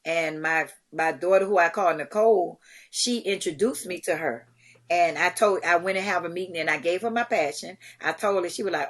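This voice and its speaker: Animated middle-aged woman telling stories. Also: lowish voice, moderate pace. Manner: animated storyteller, acts out quotes, laughs often. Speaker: guest, community charity founder. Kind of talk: storytelling in a podcast interview.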